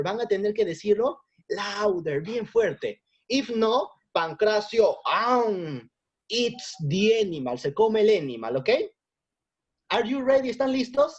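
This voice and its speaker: A woman's voice: a little high, sing-song, a little slow, darkish tone, breathy edge, highs cut off. A woman teaching English vocabulary to children in an online lesson. She is encouraging, repeats phrases and switches into Spanish. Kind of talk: online lesson for young learners.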